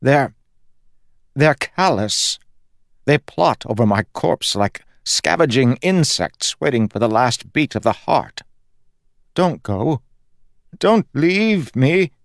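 A frail, fading god with an anxious, clinging manner, his words stumbling and breaking off as he begs not to be left alone, put on by a deep-voiced male narrator. The voice sits well above the narrator's own low register, and it sounds dry and close, with no room around it. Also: lively intonation, vocal fry, no echo, heavily acted. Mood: pleading. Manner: halting, pleading, stammering.

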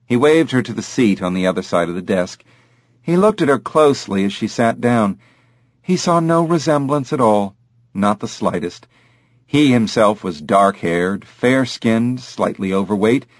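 Brief: male audiobook narrator, lower voice, dry close recording, steady read. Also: a little slow, no echo. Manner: steady, even storytelling. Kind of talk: scripted narration.

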